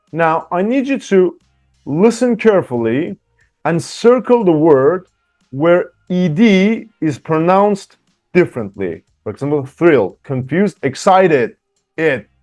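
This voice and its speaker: A man's voice: a little high, sing-song, a little mellow, soft background music. A man teaching English, going through workbook answers and encouraging learners. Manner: encouraging, reads answers aloud slowly.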